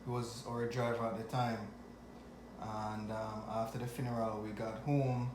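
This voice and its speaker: A man from Jamaica with a Jamaican accent, telling a personal story to camera in an animated way, often chuckling. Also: lowish voice, unhurried, background noise. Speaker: vlogger. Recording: echoey room.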